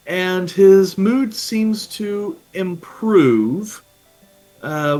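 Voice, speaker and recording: Slow-paced man narrating as game master. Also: fairly high pitch, low-quality recording. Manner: unhurried, full of fillers.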